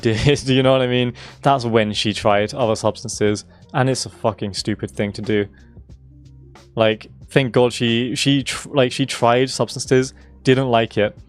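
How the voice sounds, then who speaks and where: A young man streaming a game, talking in an emphatic, repetitive way with swearing, his voice going hoarse. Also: mid-range voice. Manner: emphatic, swearing, repeating himself for stress. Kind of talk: casual live-stream rant.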